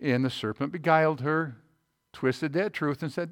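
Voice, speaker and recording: A man delivers a conversational sermon in a slightly higher-than-usual voice. He keeps checking in with the room through rhetorical questions. His delivery swings between loud, emphatic lines and quiet, low asides. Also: moderate pace. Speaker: pastor.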